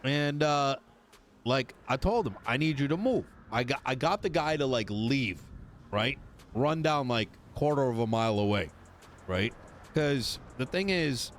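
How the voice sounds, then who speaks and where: A man's voice: mid-range voice, slight background noise. A man in a role-play game telling a story in character as a mechanic, acting out other people's lines and swearing casually. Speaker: mechanic and tow driver in a role-play server.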